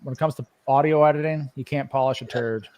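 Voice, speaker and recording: Speaking quickly in a medium-pitched, steady, darkish voice, a man with an East Coast Canadian accent chats casually on a livestream. He rambles and laughs frequently.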